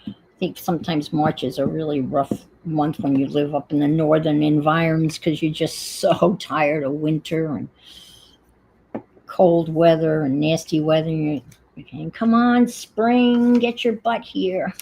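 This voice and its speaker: A woman's voice: low-pitched, little pitch movement, measured pace, dark tone, breathy edge, low-quality recording. A woman with a New York accent chatting casually and thinking aloud while she crafts at home on a livestream.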